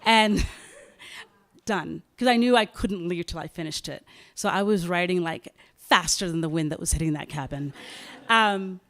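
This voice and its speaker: A woman novelist tells a story at a live writers' event, animated and dramatic, acting out bits of dialogue. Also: on the low side, normal speed.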